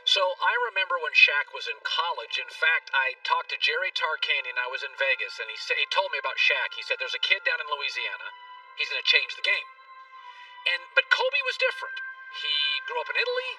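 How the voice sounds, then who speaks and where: A man's voice: a little high, very animated, a little fast, pushed and bright. A man hosting a talk show, interviewing a guest and asking eager questions. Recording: distant mic, faint music behind.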